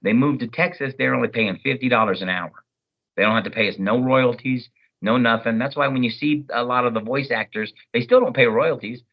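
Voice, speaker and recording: Brief: male voice actor guest, animated storyteller, mid-pitched, slightly muffled lo-fi sound. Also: fairly quick. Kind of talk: casual interview chat.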